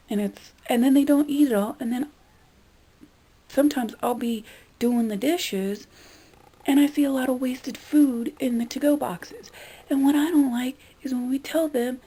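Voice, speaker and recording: Young woman, vlogger, exasperated rant, swearing, higher voice, mellow tone. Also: a little slow, husky, rough recording. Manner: exasperated, swearing, mimics customers in quoted voices. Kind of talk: casual ranting monologue.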